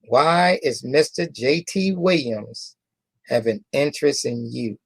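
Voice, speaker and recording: Man, company founder, motivational storytelling, slow deliberate delivery, repeats phrases, rhetorical questions, dry close sound. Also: medium pitch, creaky, breathy edge, no room sound. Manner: repeats phrases for emphasis, drawn-out key words; asks the audience rhetorical questions. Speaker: company founder addressing members.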